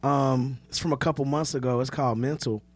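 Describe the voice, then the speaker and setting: A man's voice: medium pitch, fairly even intonation, brisk, breathy edge, no room sound. A man hosting a podcast, rambling casually through the sign-off with lots of fillers. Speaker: podcast host. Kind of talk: casual chat.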